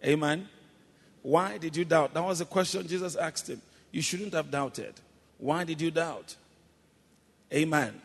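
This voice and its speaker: A man preaching a sermon, calling the congregation to repeat his words and building to loud, shouted exclamations. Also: on the high side, measured pace, gravelly, pauses often. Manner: calls congregation to repeat after him, rising to shouts. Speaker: pastor. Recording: long hall reverb.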